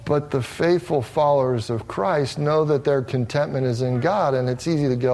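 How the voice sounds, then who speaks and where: A man's voice: mid-range voice, normal speed, darkish tone. A man preaching a sermon, earnest and emphatic, often restarting his phrases as he works through a psalm verse by verse. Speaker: pastor.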